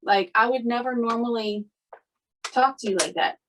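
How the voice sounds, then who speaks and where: A woman's voice: fairly high pitch, moderate pace, a bit bright, a little hiss or hum, low-quality recording. A woman co-hosting a podcast, chatting casually and teasing her husband in a matter-of-fact way. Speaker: podcast co-host. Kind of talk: casual chat.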